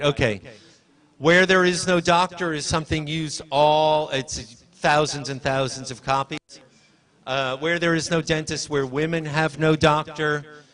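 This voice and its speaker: Bright, chatty man presenting live. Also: on the high side. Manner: chatty, rambling, self-correcting, directs tech helpers. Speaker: presenter at a library launch. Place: university event hall.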